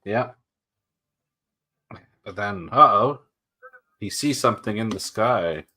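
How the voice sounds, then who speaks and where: Bright-voiced joking man. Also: fairly low pitch, expressive. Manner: jokey, quick to laugh, narrates the film. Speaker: host of a movie watch-along. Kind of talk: casual live commentary chat.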